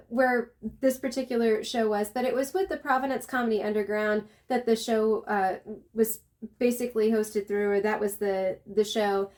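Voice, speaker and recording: A woman's voice: a little high, darkish tone. A woman with a Southern accent, chatting casually as a travel vlogger and telling a long story with lots of fillers and restarts.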